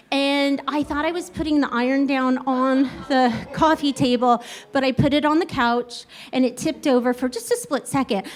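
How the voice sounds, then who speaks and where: High-voiced woman telling a comic story. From Kansas, USA. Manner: animated, acts out quoted voices, swings between loud and hushed. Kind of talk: stand-up storytelling on stage.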